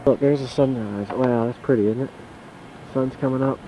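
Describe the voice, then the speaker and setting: A man casually narrating his home video on a handheld camcorder as he walks outdoors through deep mountain snow. He talks in a chatty, wry way and curses mildly. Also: steady tone, moderate pace, noisy background. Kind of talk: casual narration while filming.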